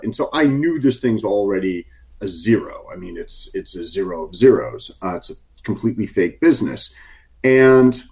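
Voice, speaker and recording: A man's voice: lowish voice, a little mellow. A man from the United States talking casually as an interview guest, telling a story with many fillers and restarts and a wry tone. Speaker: interview guest, short seller.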